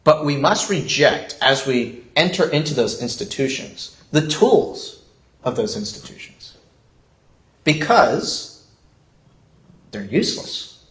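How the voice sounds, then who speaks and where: Chuckling pastor in a roomy church. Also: male voice, medium pitch, very animated, slow, pauses often. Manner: conversational preaching with frequent chuckles. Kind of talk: sermon. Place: church sanctuary.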